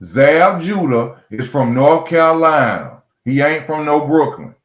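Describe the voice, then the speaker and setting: A boxing commentary host delivers a heated solo rant, his slightly high voice animated but measured in pace. He's blunt and mocking, repeats his points, and calls fighters out directly. The sound is roomy and the audio dull.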